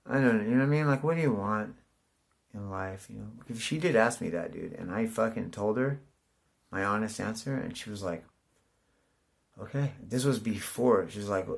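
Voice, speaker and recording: A man's voice: mid-range voice, moderate pace, vocal fry, long pauses, slightly rough. A man in his forties from California, rambling casually to the camera, swearing and saying "dude" constantly. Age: 40s. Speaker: vlogger.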